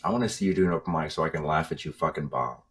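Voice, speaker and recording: Young man, comedian guest, very deep voice, laid-back rambling stories, faint background hum. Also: very fast, fairly bright tone. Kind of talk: casual podcast chat.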